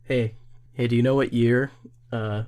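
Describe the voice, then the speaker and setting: A man's voice: medium pitch, flat delivery, measured pace, darkish tone, smooth. Dry, sarcastic male podcast co-host. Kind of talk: comedic casual chat.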